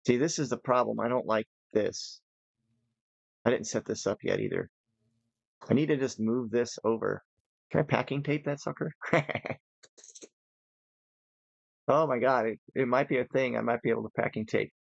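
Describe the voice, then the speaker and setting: A man's voice: mid-range voice, moderate pace, vocal fry, pauses often, dry recording, dull audio. A tired man giving casual, rambling commentary while playing a modded building game, thinking aloud as he goes. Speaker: gaming channel host.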